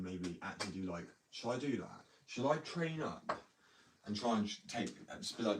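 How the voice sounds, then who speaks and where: A man's voice: lowish voice, expressive, normal speed. A young man rambling heatedly in a casual monologue, with lots of restarts and swearing. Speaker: skater vlogger. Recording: distant mic with faint background noise.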